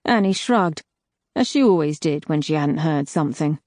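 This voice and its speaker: A woman reading a dark fantasy audiobook in a slow, measured narration. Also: low-pitched, expressive, dry recording, clean studio sound.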